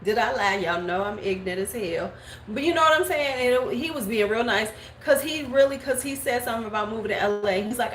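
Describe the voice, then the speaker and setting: A woman in her forties chatting casually on a live stream, telling gossip and greeting viewers by name, sometimes slipping into squeaky voices to quote people. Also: a little fast, a bit bright. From United States. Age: 40s. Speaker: beauty vlogger. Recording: echoey room with faint background noise.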